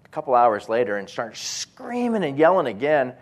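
A male preacher telling animated, self-mocking stories in a sermon, often breaking into voiced impressions. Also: medium pitch, normal speed. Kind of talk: storytelling sermon.

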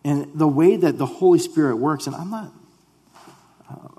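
A man's voice: fairly high pitch, animated, normal speed, dark tone, slightly rough, big-room sound. A man preaching a sermon as pastor, earnest and conversational, often restarting his sentences. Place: church sanctuary.

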